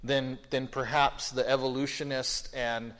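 Heard through long hall reverb, a man preaches in a medium-pitched, slightly bright voice with little pitch movement, unhurried. He speaks conversationally yet emphatically, posing rhetorical questions to his listeners and often starting his sentences over.

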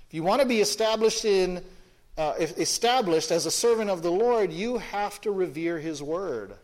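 A man's voice: high voice, lively intonation, moderate pace. A man preaching an expository sermon to a congregation, emphatic, often repeating phrases and restarting sentences.

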